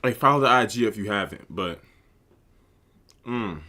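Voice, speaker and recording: Lively, bright-voiced young-sounding man reacting. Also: fairly low pitch, moderate pace. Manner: excitable, loud incredulous exclamations. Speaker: content creator. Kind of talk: casual reaction commentary.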